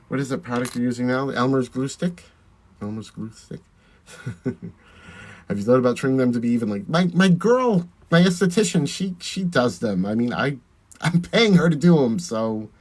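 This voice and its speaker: Husky, lively man chatting on a live stream. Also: medium pitch, a little slow. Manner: chatty, reads viewer comments aloud and thanks them. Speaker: drag performer hosting a live stream. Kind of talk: casual live-stream chat while doing makeup.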